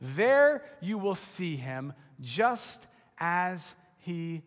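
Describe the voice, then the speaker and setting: High-voiced man preaching in a reverberant hall. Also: very animated, drawn-out words. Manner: dramatic storytelling, acting out voices, building to shouts. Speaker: pastor. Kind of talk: sermon.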